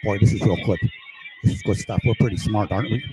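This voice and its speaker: A man putting on a low, smug voice of someone gloating over and over. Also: fast talker, over loud music, lightly acted, poor audio.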